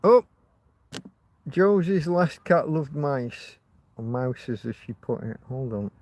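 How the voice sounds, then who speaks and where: A man's voice: medium pitch, expressive, slow pace, a little mellow. A man hosting a casual livestream, rambling and chatting to his viewers with frequent restarts. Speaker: livestream host.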